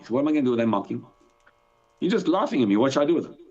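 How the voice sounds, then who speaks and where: Husky rabbi teaching an animated class. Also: male voice, medium pitch, racing, long pauses. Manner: animated, asks and answers his own questions. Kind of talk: live Torah lesson, mixing English with Hebrew text. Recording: dull lo-fi sound.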